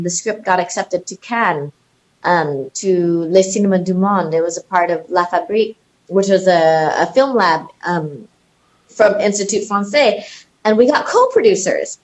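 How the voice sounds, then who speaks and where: A woman's voice: mid-range voice, normal speed, low-quality recording. A woman in her thirties, a film director as a podcast guest, telling stories with lots of energy, laughter and swearing. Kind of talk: casual podcast interview.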